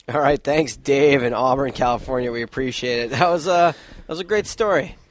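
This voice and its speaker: A man's voice: mid-range voice, normal speed. A man hosting a radio show, talking in a laid-back, joking way. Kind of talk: casual radio chat.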